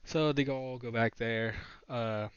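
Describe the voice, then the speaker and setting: A man's voice: medium pitch, steady tone, unhurried, smooth, no room sound. A man casually retelling an old myth to a friend in a loose, profane way that corrects itself as it goes. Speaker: podcast co-host retelling a myth. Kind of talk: casual storytelling chat. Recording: dull lo-fi, dry sound.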